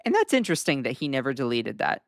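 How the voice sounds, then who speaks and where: A man's voice: medium pitch, sing-song, fast, creaky, no room sound, clean studio sound. A man with a Southern US accent hosting a casual livestream news commentary, talking in a loose way full of "um" fillers and wry asides. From Southern United States. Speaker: host.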